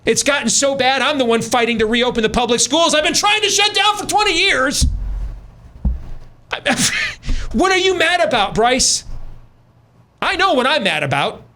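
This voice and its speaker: A man's voice: very high voice, expressive, normal speed, pauses often, bright, forceful tone. A middle-aged man hosting a radio talk show, ranting with sarcastic, emphatic commentary.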